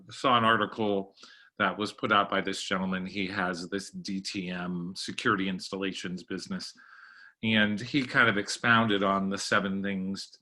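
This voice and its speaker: Brief: middle-aged male presenter, bright voice, relaxed webinar delivery, clears throat often. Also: lowish voice. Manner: conversational, frequent throat clearing. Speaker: library workshop presenter. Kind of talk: training webinar talk.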